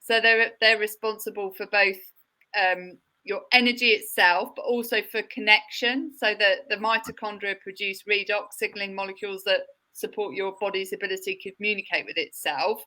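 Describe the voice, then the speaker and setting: Bright-voiced woman podcast host. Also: medium pitch, fairly even intonation, moderate pace, low-quality recording. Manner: attentive, sums up for listeners. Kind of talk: podcast interview.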